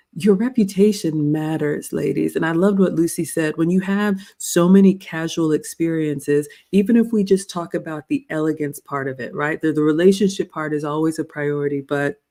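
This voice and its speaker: A woman's voice: deep voice, warm tone. A woman hosting a casual advice chat on etiquette, talking conversationally and addressing her listeners as ladies. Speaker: host.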